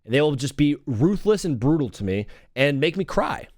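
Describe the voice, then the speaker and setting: A young man hosts a live radio talk show, ranting at a moderate pace as his pitch leaps up and down. He's excitable and self-mocking, hopping from topic to topic. The sound is close and dry, with no room echo.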